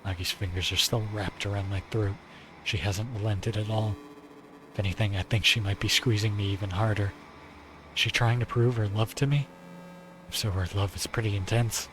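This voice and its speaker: A man's voice: lowish voice, steady tone, normal speed, noisy background, natural voice. A male streamer reading a visual novel aloud as its weary, despairing young male narrator, in a subdued and pained first-person voice. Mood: narrating. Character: weary, despairing young man being strangled.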